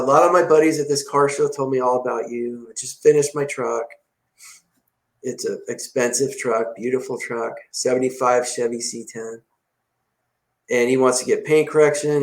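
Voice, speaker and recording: A man tells stories from his detailing shop in relaxed podcast chat, slipping into the voices of the people he talks about. His voice sits at an everyday middle pitch. The room around him gives a noticeable echo. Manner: animated, acts out dialogue in story. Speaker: detailing shop owner, guest. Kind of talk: casual podcast storytelling. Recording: roomy echo.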